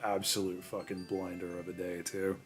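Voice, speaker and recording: A man with a fairly low voice hosts a relaxed late-night chat. He drops dry, casually sweary remarks in a laid-back way. Faint music plays behind him. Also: normal speed, slightly rough. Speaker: streamer host.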